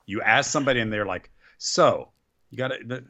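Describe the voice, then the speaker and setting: A man's voice: medium pitch, racing, pushed and bright, highs cut off. A man co-hosting a wrestling podcast, chiming in with dry, laid-back remarks. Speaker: podcast co-host. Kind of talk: casual wrestling podcast chat.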